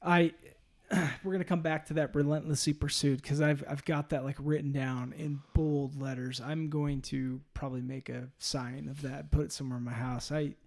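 A man's voice: on the high side, flat delivery, gravelly, a little mellow. A man hosting a podcast interview, speaking with enthusiasm and restarting his sentences as he frames a question. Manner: enthusiastic, halting with fillers and restarts. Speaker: podcast host. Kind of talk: conversational interview.

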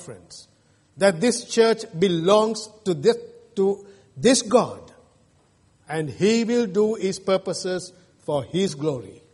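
In a reverberant church sanctuary, an Australian male pastor with a high, darkish-toned voice preaches emphatically to his congregation. He leans on mocking jeers and pauses.

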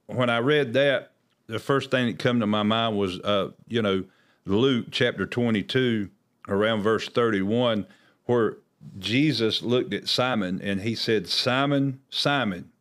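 An earnest man with a lowish voice, talking through scripture in a casual discussion. He has a preacher's habit of leaning hard on quoted verses to give them weight. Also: a little slow, a bit bright. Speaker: host.

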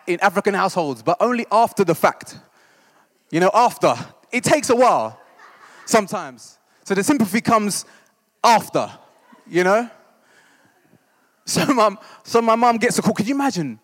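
High-voiced man preaching. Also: fairly bright tone, in a large hall. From East End of London. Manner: conversational, self-deprecating, keeps asking "right?". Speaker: church discipleship leader. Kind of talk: humorous storytelling sermon.

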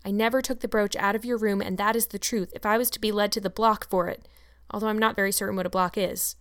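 A woman's voice: medium pitch, flat delivery, quick pace, a bit bright, natural voice. A woman reading aloud and voicing an earnest, talkative young orphan girl in a storybook. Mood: solemn. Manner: earnest, eager protesting.

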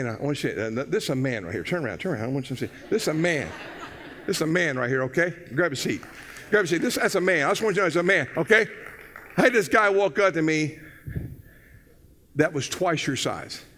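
Man, older, pastor, animated sermon storytelling, high-pitched, long hall reverb. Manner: storytelling, animated, swings from loud to hushed.

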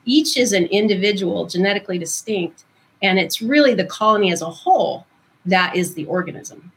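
A woman guest author explaining ideas in conversation, thoughtful and unhurried, with frequent ums. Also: mid-range voice, lively intonation, husky, poor audio.

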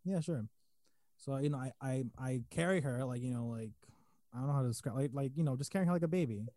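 A man rambles through a story on a podcast, words tumbling out quickly. His tone is dark and mellow, and the dry close mic adds no room sound. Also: medium pitch, no room sound. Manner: rambling, many fillers and restarts. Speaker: podcast co-host. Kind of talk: casual storytelling.

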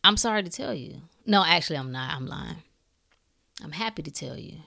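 A woman hosting a podcast, speaking in a blunt, preachy way with swearing and shifting between calm talk and fired-up bursts. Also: low-pitched, brisk, vocal fry. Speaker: podcast host. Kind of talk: impassioned spiritual talk.

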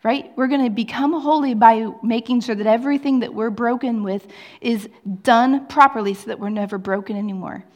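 A middle-aged woman pastor preaching a sermon, moving between hushed whispers and emphatic, raised passages. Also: fairly high pitch, fairly quick, hardly any pauses, highs cut off. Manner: drops to hushed whispers, rises to emphatic peaks.

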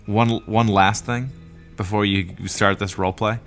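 A man's voice: lowish voice, steady tone, measured pace, a bit bright, soft background music. A man hosting a podcast in casual chat, rambling with lots of fillers and laughing easily. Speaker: podcast host.

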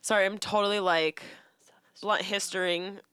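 Bright-voiced blunt young woman. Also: medium pitch, steady tone, moderate pace, clear, resonant tone, dry recording, clean studio sound. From San Diego. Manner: blunt, swearing, laughing often. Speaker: podcast co-host. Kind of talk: casual podcast chat.

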